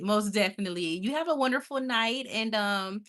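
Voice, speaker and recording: A woman's voice: medium pitch, brisk, fairly bright tone. A woman hosting a casual livestream, chatty and affectionate, laughing often. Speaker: livestream host.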